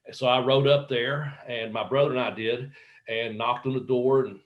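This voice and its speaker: A man's voice: mid-range voice, fairly even intonation, normal speed, lo-fi sound. A middle-aged man, a wrestler guesting on a podcast, telling rambling, profane anecdotes and acting out the quotes. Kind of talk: casual storytelling interview.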